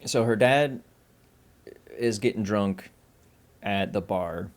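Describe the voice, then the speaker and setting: A man co-hosting a casual film podcast, retelling scenes loosely and profanely, slipping into quick quoted voices. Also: fairly low pitch. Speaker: podcast co-host. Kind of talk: casual film-review chat.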